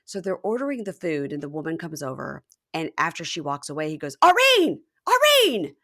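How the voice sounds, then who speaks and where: A woman's voice: deep voice, fast. A woman hosting a podcast, chatting casually and recapping a reality TV episode, acting out what the cast says in playful voices. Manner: animated, acts out quotes in silly voices. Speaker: podcast host.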